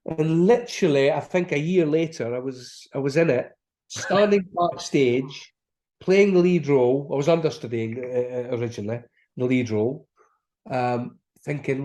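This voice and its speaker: A middle-aged actor, chatting as an interview guest and telling stories in a relaxed, anecdotal way. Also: male voice, medium pitch, moderate pace. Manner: chatty, laughing, acts out quoted dialogue. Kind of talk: casual anecdotal storytelling.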